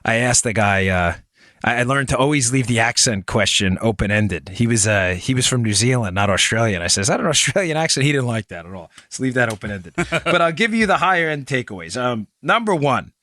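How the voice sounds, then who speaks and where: A man hosting a political talk podcast, talking casually and animatedly, with quick asides and sudden raised emphasis. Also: no room sound. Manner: animated, conversational, swings between low asides and high emphasis. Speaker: podcast host. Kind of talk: political talk show with ad read.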